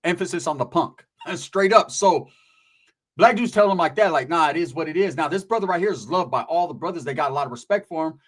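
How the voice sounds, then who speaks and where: A streetwise man spins a profane prison yard story in a casual, storytelling way. His voice sits a little high for a man, and he drops into quick impressions of the people he talks about. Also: lively intonation, fairly bright tone, slightly rough.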